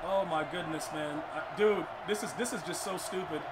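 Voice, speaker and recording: A man's voice: fairly high pitch, moderate pace, over a noisy crowd. A young man commentating his own football video game match, ranting in frustration and stumbling over his words. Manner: frustrated, ranting, stammering restarts. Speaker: gaming streamer. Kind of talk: live gameplay commentary. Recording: clear background noise.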